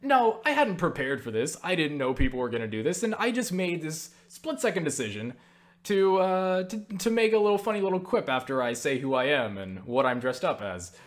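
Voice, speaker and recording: Young man, slightly high voice, webcam mic, rambling, filler-heavy, self-mocking, casual swearing, vlog host. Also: big pitch swings, a little fast. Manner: rambling, full of fillers like "you know" and "like". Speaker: channel host answering viewer questions. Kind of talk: casual storytelling to camera.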